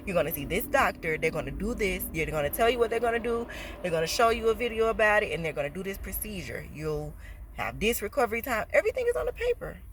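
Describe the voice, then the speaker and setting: A woman telling a casual storytime vlog in slangy, profane talk that climbs into loud, indignant rants. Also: medium pitch, big pitch swings, fast, slight background noise.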